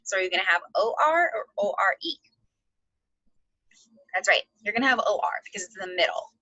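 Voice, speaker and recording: A woman teaching an online phonics lesson to second graders, sounding out letters slowly and encouraging the class. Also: mid-range voice, lively intonation, pushed and bright, no room sound, muffled recording.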